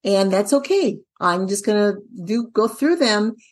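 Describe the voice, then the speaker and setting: A middle-aged woman who trains dyslexia teachers, walking through a spelling lesson out loud and asking the viewer questions as she goes. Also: mid-range voice, expressive, measured pace, slightly rough. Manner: talks herself through each step, asks viewers questions. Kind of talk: casual instructional walkthrough.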